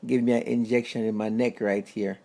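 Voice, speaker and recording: Gravelly-voiced man telling a family story. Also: medium pitch, level tone, dark tone. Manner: halting, repeats words when moved. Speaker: vlogger. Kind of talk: casual storytelling to camera.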